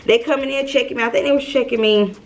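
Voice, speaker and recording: A young woman telling a storytime vlog, chatty and lively, calling her viewers y'all. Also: fairly high pitch, fast talker. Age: young adult. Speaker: vlogger.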